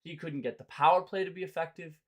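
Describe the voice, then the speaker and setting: A man's voice: on the high side, quick pace. A young man hosting a hockey show, ranting in an exasperated, sarcastic way. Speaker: hockey podcast host. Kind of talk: ranting sports commentary.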